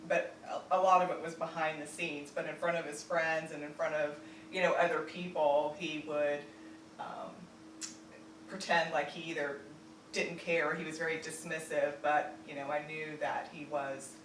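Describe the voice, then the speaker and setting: A woman from Virginia telling a personal family story, halting with many fillers and restarts. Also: low-pitched, flat delivery. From Virginia, United States. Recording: roomy echo, distant mic, faint noise.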